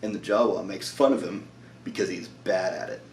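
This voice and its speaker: A man's voice: low-pitched, moderate pace, echoey room, distant mic, slight background noise. A tired man recapping a show episode in a loose, rambling way, with lots of "like" and frequent laughs.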